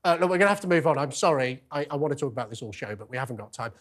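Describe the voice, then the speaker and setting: A man's voice: medium pitch, animated, very fast. A middle-aged man with a Lancashire accent, hosting a TV debate show with playful, theatrical outrage. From Lancashire, England. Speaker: host.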